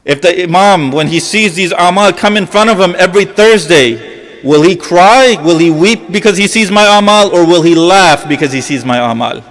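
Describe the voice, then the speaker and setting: A man's voice: high voice, normal speed, a bit bright. A man preaching a mourning sermon. He asks rhetorical questions, repeats key phrases, and retells scenes through quoted dialogue.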